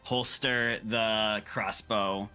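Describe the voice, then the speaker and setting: A man taking his turn in a tabletop game, talking slowly and hesitantly as he thinks aloud. His voice sits low yet sounds bright and forward, with soft music playing faintly behind. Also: fairly even intonation, clear, resonant tone. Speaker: player.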